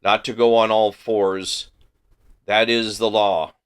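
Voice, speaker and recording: A man's voice: lowish voice, normal speed, a bit bright, lightly acted. A man reading as a grunting, intoning beast-man. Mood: commanding. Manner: grunting, intoning in a sing-song. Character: hunched beast-man who recites the law, male.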